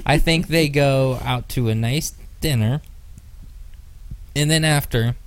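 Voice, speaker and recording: A young man co-hosts a casual movie podcast in a playful, chatty way. He laughs often and keeps things light. His voice sits at an ordinary middle pitch. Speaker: podcast co-host. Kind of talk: casual chat.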